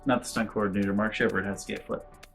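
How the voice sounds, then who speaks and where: Man, casual vlog storytelling, animated, rambling asides, faint music behind. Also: on the low side, quick pace, creaky. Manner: animated, acts out quoted voices, rambling asides. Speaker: convention vlogger.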